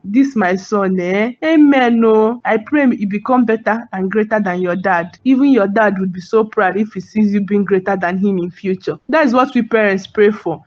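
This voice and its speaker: A woman's voice: medium pitch, lo-fi sound, close to an everyday voice. A woman with a Nigerian accent voicing a doting, proud wife and mother in a cartoon, effusive and full of sighs of delight. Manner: effusive, sighing "aw", laughs often. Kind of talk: cartoon voice acting.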